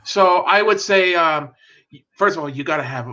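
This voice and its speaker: A man's voice: fairly high pitch, moderate pace, pushed and bright. A man improv performer on a video call, giving advice in a hesitant way with many fillers. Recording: dull lo-fi video call audio.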